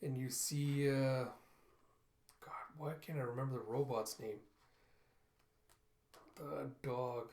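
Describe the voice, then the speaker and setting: A man's voice: medium pitch, steady tone, slow pace, gravelly, long pauses, a little mellow. Casual male comic reviewer. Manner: casual, loose, with many fillers. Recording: echoey room.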